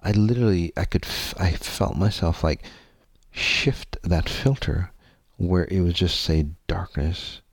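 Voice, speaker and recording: A man's voice: deep voice, measured pace, no echo, studio quality. A man telling a candid personal story to his audience, rambling and earnest, with many fillers and some casual swearing.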